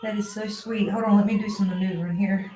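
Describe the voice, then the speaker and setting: A young woman, tired from being up all night, talking softly and coaxing her dog while giving casual running commentary at home. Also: mid-range voice, fairly even intonation, fast, slight background noise. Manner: soft, coaxing talk to the dog. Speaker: pet rescuer filming her dog giving birth. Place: room at home with whelping dog. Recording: roomy, distant home recording.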